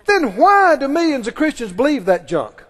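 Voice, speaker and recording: A man's voice: very high-pitched, big pitch swings, moderate pace, fairly bright tone. A man preaching a sermon emphatically and leading his congregation in call-and-response. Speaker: pastor. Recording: long reverb of a large hall.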